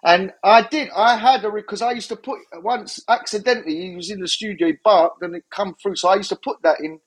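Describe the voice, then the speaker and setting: A man's voice: high-pitched, brisk, husky. A middle-aged man, telling sarcastic, jokey anecdotes in a casual interview. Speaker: guest DJ.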